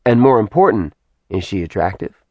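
A male narrator voicing a crude, cocky young male demon in a loud, sneering delivery. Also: fairly low pitch, big pitch swings, normal speed, no echo, highs cut off.

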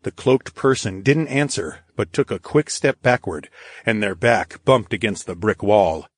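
A man reading a fantasy audiobook in first person, in a steady, measured narration. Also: lowish voice, no echo, studio quality. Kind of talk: scripted narration.

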